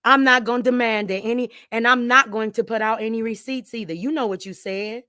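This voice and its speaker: A woman hosting her channel, ranting angrily at someone. She repeats herself, swears, and swings from low muttering to shouting. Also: a little fast, dry recording, studio quality. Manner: swears freely, addresses viewers directly. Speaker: channel host. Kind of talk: heated direct-to-camera rant.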